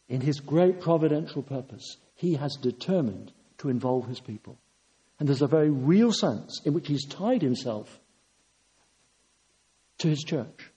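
A man's voice: fairly high pitch, lively intonation, moderate pace, dark tone, muffled recording. An older man preaching a sermon, earnest and emphatic, driving his points home with repetition.

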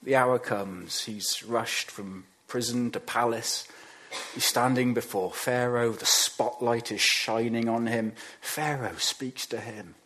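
A man preaching a sermon, acting out quoted voices and dropping to quiet emphasis on key lines. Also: medium pitch, steady tone, takes it slowly.

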